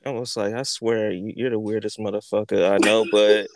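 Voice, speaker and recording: Profane animated storytelling man. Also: lowish voice, normal speed, crowd noise. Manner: animated, profane, repeats words and acts out quotes. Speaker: podcast host. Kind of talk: casual storytelling.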